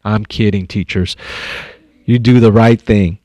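A man's voice: fairly low pitch, unhurried, dry recording. A man reading a picture book aloud to young children at an elementary school as the district superintendent, stopping often to comment and think aloud. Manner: animated, thinks aloud and comments between passages.

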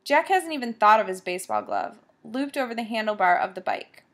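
A woman reads a story aloud in a measured, vivid storytelling voice. Her pitch sits a little on the high side. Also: huge pitch swings. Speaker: audiobook narrator. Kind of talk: scripted story narration.

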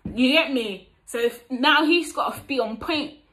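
A woman's voice: high-pitched, unhurried, rough recording. A young woman with an East London accent gives dating advice in a casual vlog, acting out both sides of conversations and using plenty of street slang. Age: young adult. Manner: animated, acts out both sides of chat-up lines; street slang, tag questions like "you get me?". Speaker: vlogger giving dating advice.

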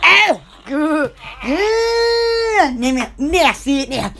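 High, bright, giggly woman. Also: lively intonation, unhurried, gravelly, a little hiss or hum. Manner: giggly, silly, blows kisses, many fillers. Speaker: small shop owner promoting her products. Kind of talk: casual live-stream chat.

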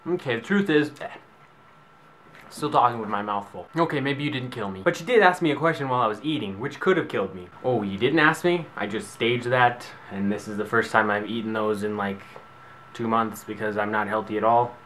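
A man's voice: mid-range voice, a little fast, a bit bright, a little hiss or hum. A young man vlogging at home into his camera, rambling through sarcastic asides and joking tangents. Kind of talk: comedic vlog monologue.

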